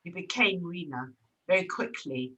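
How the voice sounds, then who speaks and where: A woman's voice: lowish voice, moderate pace, bright, forceful tone, dull audio. A woman trainee asking careful questions and giving feedback in a training session.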